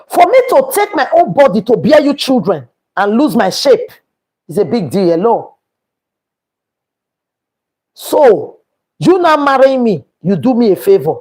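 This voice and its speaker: Nigerian lady hosting a live stream, preachy, pitch jumping all over, kinda husky. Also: a little mellow. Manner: emphatic, quoting scripture, repeating points. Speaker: livestream host.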